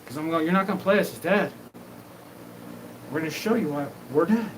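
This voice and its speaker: Male host, slightly high voice, rambling and profane, noisy recording. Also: a little fast. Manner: disjointed, profane, jumps between topics. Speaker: show host. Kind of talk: rambling live monologue. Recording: noisy background.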